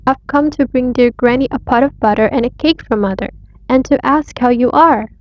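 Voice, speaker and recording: A woman's voice: high-pitched, fairly quick, dry recording, close to an everyday voice. Crafty wicked wolf, sly and overly polite as a woman reads it, storybook, lo-fi recording. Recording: dull lo-fi audio.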